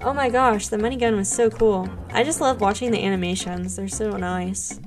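While gaming on a live stream, a young woman chats casually at a moderate pace in a medium-pitched voice, bubbly and effusively thanking her chat. Faint music sits behind her.

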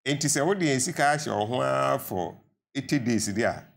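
A man's voice: medium pitch, expressive, brisk, gravelly. An older man with a Ghanaian accent, a pensioner guest in a studio panel debate, arguing earnestly and rising to emphatic appeals.

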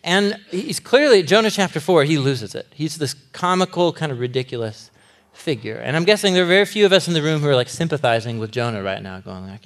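Animated man preaching a lively sermon. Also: fairly high pitch, a little fast. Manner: animated, laughing often, acting out characters' quoted lines. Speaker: pastor.

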